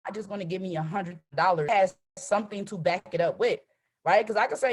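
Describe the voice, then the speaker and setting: A woman hosting a live motivational call as a trading coach, emphatic and animated, tagging nearly every sentence with "right?". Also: medium pitch, fast talker. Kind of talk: live-streamed motivational talk.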